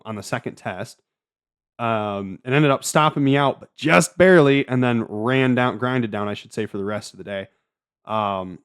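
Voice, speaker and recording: A man's voice: medium pitch, clear, resonant tone. A man hosting a casual solo trading recap, rambling with frequent stammers, restarts and filler words. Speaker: trading channel host.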